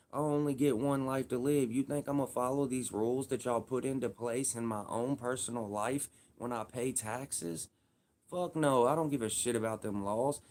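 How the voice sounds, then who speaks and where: A man's voice: mid-range voice, darkish tone. A man in his thirties giving a heated, profane casual rant, repeating himself for emphasis. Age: 30s.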